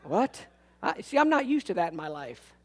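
At a normal speed and in a high voice, a man preaches as pastor with folksy animation. He tells amusing stories and moves between loud bursts and hushed tones.

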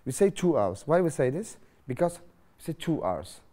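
Lively man teaching grammar. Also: on the high side, moderate pace. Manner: lively, questioning, repeats phrases to students. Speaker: English teacher. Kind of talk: classroom grammar lesson.

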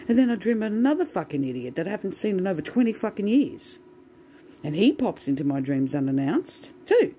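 A woman's voice: medium pitch, warm tone, slight background noise, low-quality recording. A woman venting in a casual, swear-filled monologue to the camera. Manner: swears a lot, ranting. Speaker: vlogger.

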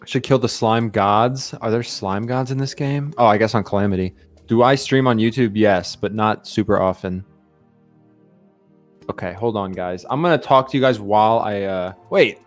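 A young man streaming a game live, chatting casually and excitedly while greeting his viewers. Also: on the low side, normal speed, faint music behind.

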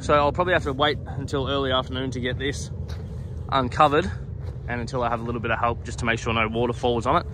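A man's voice: medium pitch, background noise. A man vlogging about his work as a cricket groundskeeper in a casual, rambling way, swearing freely and talking bluntly. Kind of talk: casual vlog monologue.

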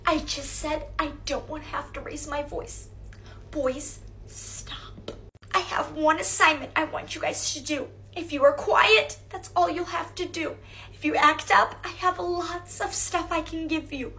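A sick schoolteacher croaks in a hoarse, breathy half-whisper, as a woman puts her on. Her voice sits very high and sounds bright and thin. She talks slowly through a strained throat. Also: steady tone, slight background noise, full character voice. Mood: strained hush. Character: hoarse sick female teacher losing patience. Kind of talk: comedy skit.

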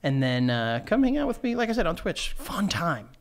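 A man's voice: high-pitched, very animated, fairly quick. A man co-hosting a casual podcast, teasing and playful with exaggerated outbursts. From Colombian family. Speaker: podcast co-host.

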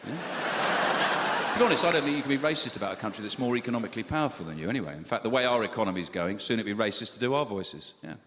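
A middle-aged English man doing deadpan, wry stand-up comedy in front of a live audience. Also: fairly low pitch, fast. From England. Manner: deadpan and wry, with lively swings in delivery. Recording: live hall with reverb and ambient noise.

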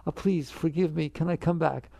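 Man doing a girlfriend, remorseful, pleading, gushing apologies, gravelly, mellow. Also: fairly high pitch, steady tone, normal speed, dry recording.

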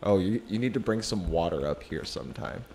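A man's voice: low voice, expressive, a little fast, gravelly, darkish tone, a little hiss or hum. A young man hosting a let's play, chatting casually, laughing often and guiding his co-player through the game. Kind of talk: casual gameplay chat.

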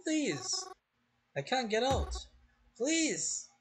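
A man's voice: very animated, a little slow, fairly bright tone, husky, heavily acted. A man reading game dialogue aloud, voicing a nervous, polite young woman in a raised put-on voice. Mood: panicked. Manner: higher put-on voice, pleading when trapped.

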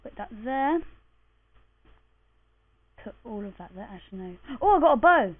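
A woman narrates her gaming session in a loose, chatty way, muttering and cursing under her breath. She sounds groggy and just woken up, and her slightly high voice comes through a thin, phone-like microphone. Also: big pitch swings, normal speed. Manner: chatty, mutters and swears to herself while playing. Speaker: gamer commentating her play. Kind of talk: casual let's-play commentary. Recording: tinny lo-fi mic.

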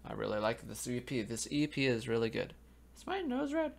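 A man's voice: mid-range voice, huge pitch swings, brisk, creaky, a little hiss or hum. A young man giving casual, rambling commentary on music for a reaction video, sleepy and yawning, often trailing off into ums and restarts. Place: home room in front of a webcam. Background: faint music playing.

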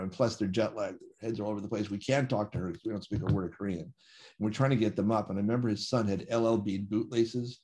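Man, slightly low pitch, conversational storytelling, vivid and animated, acts out quotes. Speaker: photographer telling a story.

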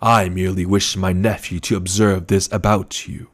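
A man voicing a gluttonous, scheming older male baron who speaks slowly and condescendingly. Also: deep voice, flat delivery. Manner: slow, menacing and condescending.

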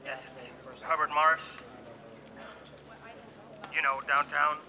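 A gruff 87-year-old caller. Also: male voice, on the high side, little pitch movement, slow, sharp tone, heavily acted. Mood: grumpy. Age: 80s. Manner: gruff and impatient. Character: cranky old male bank customer on the phone.

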